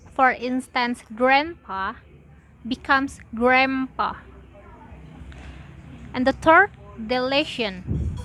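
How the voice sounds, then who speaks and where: Slow, careful high-voiced young woman. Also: fairly bright tone, a little hiss or hum, poor audio. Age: young adult. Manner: slow, careful, list-like delivery. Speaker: student presenter. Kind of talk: reading a class presentation.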